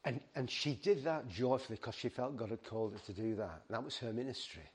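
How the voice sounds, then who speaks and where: A man's voice: medium pitch, brisk, slightly rough. A middle-aged man preaching a sermon, earnest and pleading, stumbling over words and restarting. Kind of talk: sermon to a ministry team.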